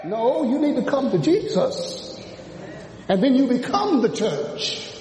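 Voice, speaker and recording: A man preaching a sermon, dropping low and then rising to shouts as he mimics churchgoers. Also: very animated, slow. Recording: echoey hall from a distance.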